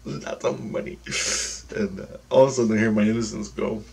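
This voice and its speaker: A man's voice: lowish voice, steady tone, fairly quick, creaky, mellow. A man telling a long dream story in a casual, meandering, profane way.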